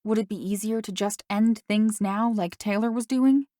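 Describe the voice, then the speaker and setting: A woman narrating a first-person novel as an audiobook, in a steady storytelling manner. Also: medium pitch, normal speed, dry recording, clean studio sound.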